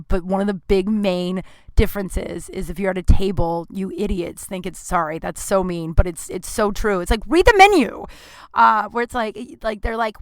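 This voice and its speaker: A woman in her thirties talks frankly and casually, swearing freely and acting out the people she quotes. Her voice sits at a middle pitch. It is recorded dry and close, with no room sound. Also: a bit bright, no echo. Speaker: podcast host. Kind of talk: casual monologue. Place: small home studio.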